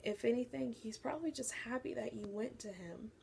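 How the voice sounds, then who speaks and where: A young woman telling a personal faith story to her viewers, animated and acting out what people said. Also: fairly high pitch, brisk, gravelly, a little hiss or hum. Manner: animated storytelling, acts out quoted voices. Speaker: faith vlogger. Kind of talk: personal testimony to camera.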